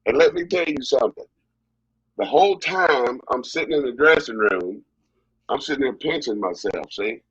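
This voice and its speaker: Husky-voiced man telling wrestling stories. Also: medium pitch, moderate pace, no room sound, highs cut off. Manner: animated, repetitive storyteller. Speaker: wrestling guest. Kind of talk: storytelling interview.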